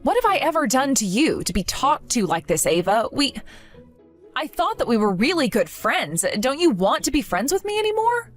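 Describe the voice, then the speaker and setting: A woman's voice: high-pitched, very animated, moderate pace, soft background music. A woman voicing an earnest, pleading young woman. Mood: hurt. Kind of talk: scripted audio drama.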